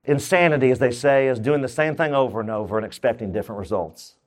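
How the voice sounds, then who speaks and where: A middle-aged male pastor preaching a sermon in an emphatic style, with comic asides and sudden jumps up in pitch. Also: fast talker.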